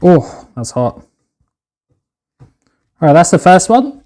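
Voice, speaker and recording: A man's voice: high voice, sing-song, slow, mellow, a little hiss or hum. Laid-back swearing man cooking on stream. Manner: laid-back, swears freely, calls viewers "boys". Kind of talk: casual live-stream chat while cooking. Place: home kitchen. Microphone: phone.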